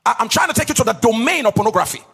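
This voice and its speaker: A man's voice: very high voice, lively intonation, creaky, fairly bright tone, slightly rough, big-room sound. A man preaching a teaching sermon to a live audience in a sing-song cadence, stretching key words and asking the audience questions. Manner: asks the audience questions and pauses for answers. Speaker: pastor.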